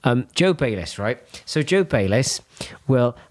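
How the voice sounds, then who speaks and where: A man's voice: medium pitch, sing-song, a little slow, dry recording. A man hosting a podcast, telling long rambling anecdotes full of asides. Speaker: podcast host. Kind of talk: casual anecdotal chat.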